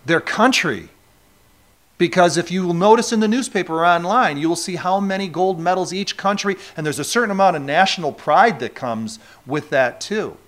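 A man's voice: high-pitched, lively intonation, normal speed, fairly bright tone. A man from New York State preaching a sermon, talking conversationally and asking the congregation rhetorical questions. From New York State, USA. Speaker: pastor.

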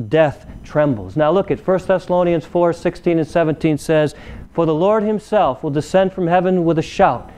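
A man who is recovering from illness preaches conversationally, often throwing questions out to the congregation. His voice is a little high and slightly mellow.

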